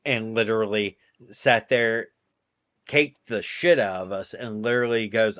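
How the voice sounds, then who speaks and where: Man, stream host, casual storytelling, profane, slow delivery, dull lo-fi sound. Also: lowish voice, fairly even intonation, a bit bright, no room sound. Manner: profane, wry storyteller acting out quotes.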